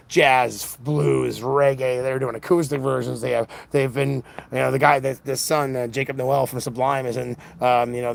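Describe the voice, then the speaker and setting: A man's voice: medium pitch, gravelly. An exhausted man hosting a casual livestream, rambling with lots of restarts, recorded on a phone. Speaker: livestream host.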